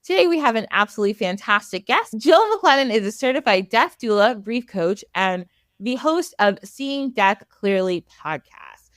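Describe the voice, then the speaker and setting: A young woman hosting a casual podcast interview, bubbly and animated, with frequent small laughs. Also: fairly high pitch, normal speed, no room sound, studio quality. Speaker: podcast host.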